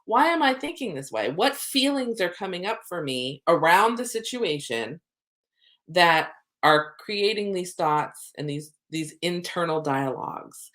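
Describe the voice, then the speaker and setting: A middle-aged woman, a soul coach, talking casually to camera and acting out her own inner thoughts in lively asides. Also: on the low side, measured pace.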